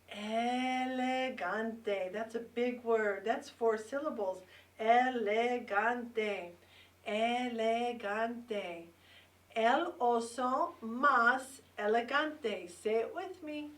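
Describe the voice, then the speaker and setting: A woman in her fifties, a bilingual teacher leading a lesson for young children, drawing out words slowly and prompting them to repeat after her. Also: on the high side. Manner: slow, drawn-out words with call-and-response prompts. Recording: roomy echo, mic set far off.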